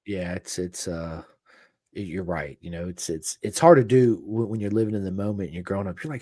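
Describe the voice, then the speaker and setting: A man in his thirties hosting a casual podcast chat, animated, going loud and soft and acting out quotes. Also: lowish voice, fast, dry recording, clean studio sound. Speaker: podcast host.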